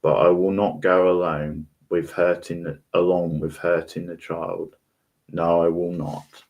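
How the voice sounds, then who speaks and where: A man's voice: low-pitched, flat delivery, unhurried, a little mellow. A man reading the lines of a terrified young woman trapped in a haunted house, in a desperate, emphatic voice. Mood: frightened, desperate.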